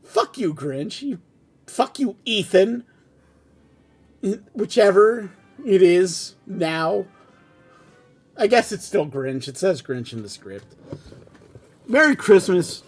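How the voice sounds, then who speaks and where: A husky, breathy voice reads a fan script aloud and keeps stopping for exasperated rants and bursts of laughter. Faint music sits underneath. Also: mid-range voice, sing-song, takes it slowly, long pauses. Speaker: channel host reading a fan script. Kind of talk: comedic script reading with ranting commentary.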